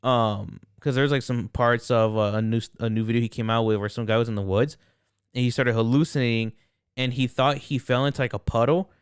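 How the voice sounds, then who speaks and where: A man's voice: mid-range voice, fairly even intonation, fairly quick, clear, resonant tone, no echo, clean studio sound. A young man co-hosting a podcast, rambling in casual chat with lots of swearing and fillers. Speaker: podcast co-host.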